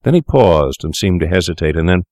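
A man reading a classic tale aloud as narrator, steady and measured. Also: deep voice, no room sound, clean studio sound.

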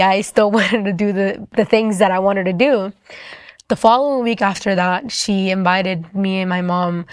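A woman's voice: mid-range voice, clear, resonant tone, no echo. Chatty young woman, dry close sound. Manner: quick, chatty, full of "like" fillers. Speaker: storyteller sharing a personal faith testimony. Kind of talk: casual personal testimony.

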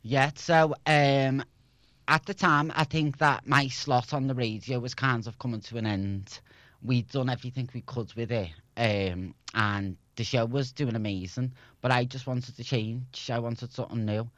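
A man's voice: medium pitch, steady tone, moderate pace, a bit bright, no echo, lo-fi sound. A young man from Liverpool with a Scouse accent, a former radio presenter chatting as an interview guest and laughing often. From Liverpool, England. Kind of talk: casual interview chat.

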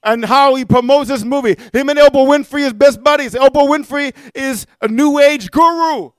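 A man preaching a fiery sermon, breaking into shouts and tossing out "amen?" to the congregation. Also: very high-pitched, moderate pace, dry recording, studio quality. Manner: emphatic, punctuates with "amen?" and shouts.

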